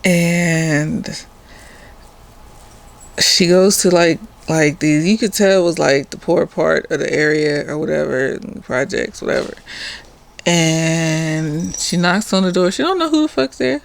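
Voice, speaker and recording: A woman's voice: sits low, steady tone, slow pace, vocal fry. Brief: woman, therapist, slightly tipsy, casual profane recap, rambling. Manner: rambling, profane, laughs often. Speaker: therapist reviewing a TV episode.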